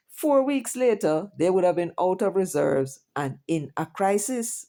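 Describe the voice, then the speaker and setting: A woman's voice: low-pitched, warm tone. A woman with a Jamaican accent who hosts a news commentary show, reading headlines aloud and breaking off into chatty asides and rhetorical questions.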